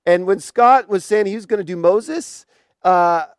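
A male preacher with a high voice tells a story from the pulpit, stumbling and restarting as he goes. The recording is close and dry, with no echo. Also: clear, resonant tone. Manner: halting, storytelling with many restarts. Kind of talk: sermon.

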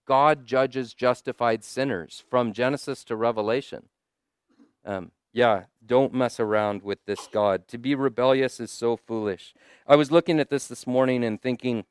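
A man preaching in a relaxed, talky way, tossing in "like" and "right?" as he goes. His voice is smooth and resonant at a middle pitch. The sound is close and dry, and he slows right down on the lines he wants to land. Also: dry recording. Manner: conversational preaching with frequent "like" and "right?"; emphatic, slowing down on key lines. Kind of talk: sermon.

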